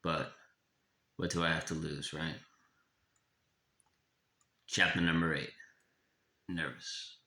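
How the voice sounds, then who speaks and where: A man reading his own personal memoir aloud in a somber, confessional way, slowing down in places, in an echoey room. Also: extremely low pitch, flat delivery, sharp tone.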